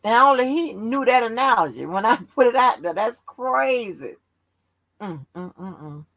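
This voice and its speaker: A brash woman livestream host with a bright, lively voice that swoops up and down as she needles her chat. She talks slowly and profanely, and the sound is dry and close. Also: fairly high pitch, dry recording, poor audio. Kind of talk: casual live-stream chat.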